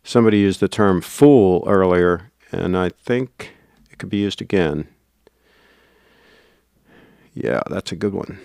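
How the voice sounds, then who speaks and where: A man's voice: sits low, a little slow, creaky, long pauses, a little mellow, no echo, clean studio sound. A man hosting a casual livestream, rambling and reading out viewer comments. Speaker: livestream host.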